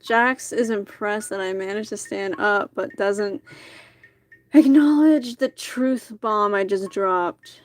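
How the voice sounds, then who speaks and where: A woman's voice: medium pitch, slow, slight background noise. A woman streamer reading a dating game's narration aloud, with casual asides.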